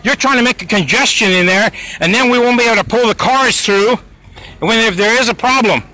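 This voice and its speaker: A man's voice: very high voice, a little fast, sharp tone, poor audio. A man filming on a street by a school with his phone, arguing heatedly with road workers and repeating himself. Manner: heated, argumentative, repetitive. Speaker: parent filming a street dispute. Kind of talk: handheld confrontation vlog.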